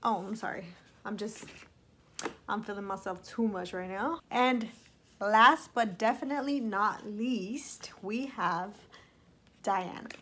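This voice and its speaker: A woman's voice: mid-range voice, takes it slowly, a bit bright, slight background noise. A young woman vlogger giving a bubbly, playful makeup review, talking straight to her viewers. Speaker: beauty vlogger.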